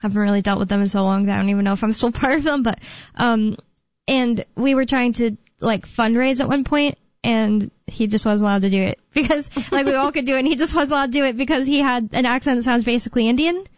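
With a slightly high voice and a fast pace, this radio co-host keeps things casual on a call-in talk show, wandering a little and laughing frequently. There's no echo, though the audio has a dull lo-fi radio quality.

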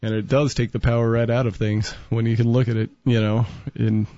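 A man's voice: medium pitch, flat delivery, brisk, dark tone, no echo. A man in a casual chat, easygoing and wry, laughing lightly between remarks. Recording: dull, muffled sound.

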